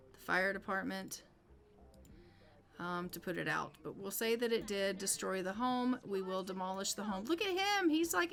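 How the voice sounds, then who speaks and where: A woman with a bright, clear voice talks through a life-sim session in a relaxed, chatty way, thinking out loud about each move. Her pitch sits in an ordinary middle range, and a faint hiss hangs behind her. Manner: chatty, thinking aloud as she plays. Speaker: gaming YouTuber. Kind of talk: casual gameplay commentary.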